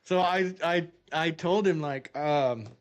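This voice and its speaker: A middle-aged man chats while he plays a game, telling a long story in an animated way. His voice sits a little higher than most men's, and he breaks into laughter often. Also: takes it slowly. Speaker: game streamer. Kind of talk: casual storytelling while gaming.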